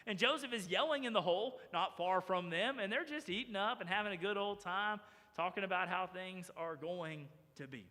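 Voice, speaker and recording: A man preaching a sermon as pastor, animated and acting out the voices of the people in his story. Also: high voice, moderate pace, in a large hall. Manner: animated, acts out characters' voices. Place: church sanctuary.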